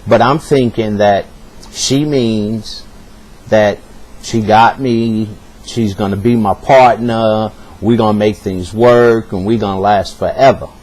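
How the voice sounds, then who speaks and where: A man's voice: lowish voice, steady tone, slow, a little mellow. A man telling a personal story in a casual, earnest way, sounding hurt and speaking straight to the listener.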